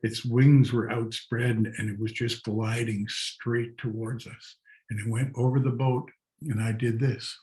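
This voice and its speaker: An older man telling stories slowly and reflectively on a video call, with soft laughs. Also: medium pitch, flat delivery, poor audio. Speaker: guest artist and storyteller. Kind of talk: storytelling talk.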